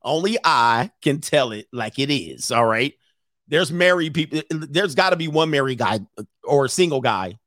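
A man hosting a live stream as a dating coach, ranting comically and acting out both sides of a story in quick voices, laughing often. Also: mid-range voice, animated, fairly bright tone, no room sound, clean studio sound. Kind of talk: casual comedic rant.

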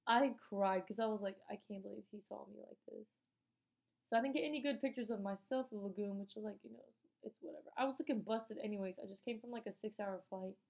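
Chatty, swearing teenage girl, mellow tone. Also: medium pitch, quick pace, hardly any pauses, rough recording. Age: late teens. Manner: profane, chatty, slangy; animated, acts out dialogue. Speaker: vlogger. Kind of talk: casual storytelling.

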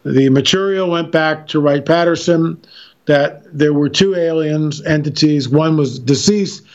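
Brief: male interview guest, emphatic storyteller, higher voice, dull lo-fi sound. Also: measured pace, a little mellow. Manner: emphatic storytelling, frequent restarts. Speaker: interview guest, filmmaker and author. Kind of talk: animated radio interview talk.

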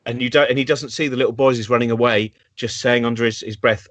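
A man hosts a casual chat from home over a video call, talking quickly in a dry, close sound. He rambles enthusiastically from one recollection to the next. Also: medium pitch, steady tone, fairly bright tone, no room sound. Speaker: host.

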